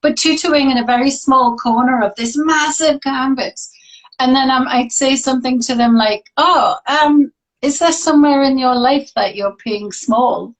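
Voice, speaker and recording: A woman who teaches art and coaches, hosting a relaxed chat on a video call and laughing often. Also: sits high, moderate pace, rough recording. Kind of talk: casual conversation.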